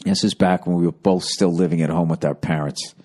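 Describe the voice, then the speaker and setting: A man's voice: low voice, fairly quick. Profane, rambling man telling stories. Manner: profane, rambling, animated storytelling. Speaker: podcast host. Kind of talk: casual storytelling monologue.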